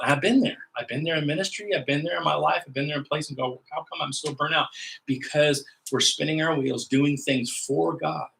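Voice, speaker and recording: A man's voice: fairly high pitch, a little fast, creaky, fairly bright tone, poor audio. A man giving an earnest teaching sermon on prayer, often repeating phrases and restarting his sentences.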